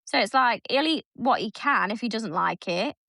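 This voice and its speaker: This podcast co-host has a slightly high voice with vocal fry and speaks at a normal speed. She chats casually and tells lively stories, voicing her son's lines herself. The studio-quality audio has no echo.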